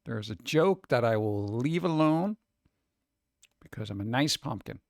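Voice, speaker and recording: A man hosting casual reaction commentary, excitable and exclamatory, rambling between remarks. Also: mid-range voice, a little slow, gravelly, dry recording, clean studio sound. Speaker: host.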